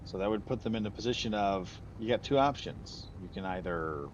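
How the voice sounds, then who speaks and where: A man's voice: fairly low pitch, animated, fairly quick, highs cut off, slight background noise. A man from the United States giving rambling, chatty commentary while streaming a game, laughing easily. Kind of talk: casual gameplay commentary.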